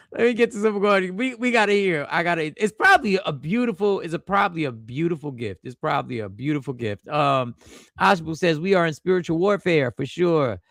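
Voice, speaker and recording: A man's voice: on the high side, animated, moderate pace, creaky, fairly bright tone, no room sound, studio quality. A man hosting a casual livestream, joking loosely and swearing now and then. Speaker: livestream host.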